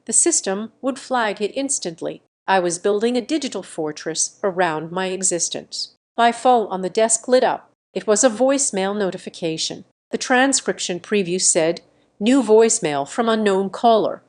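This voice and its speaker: A young adult woman giving a scripted first-person story narration in measured, steady, clipped sentences. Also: mid-range voice.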